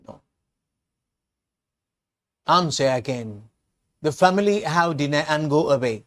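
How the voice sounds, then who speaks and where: A man with a Sri Lankan English accent, an English teacher walking learners through a storybook with slow, repetitive explanations. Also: on the high side, animated.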